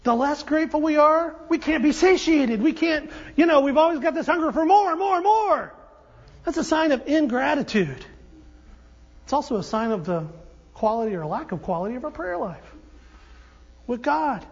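Male pastor, very high voice, animated joking sermon; dull recording in a reverberant church. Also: normal speed. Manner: animated, joking storyteller with restarts. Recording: dull audio with long hall reverb.

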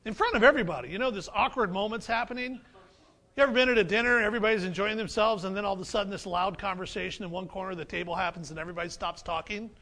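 A man's voice: high-pitched, very fast, sharp tone. A man preaching a sermon as pastor, conversational and humorous, repeating phrases for emphasis.

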